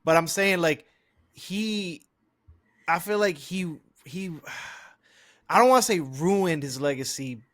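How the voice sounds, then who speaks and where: A man's voice: on the high side, expressive, slow, pauses often, fairly bright tone, no room sound, studio quality. Man arguing sports takes, searching for words. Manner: searches for words while arguing his opinion. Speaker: podcast host. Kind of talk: casual sports chat.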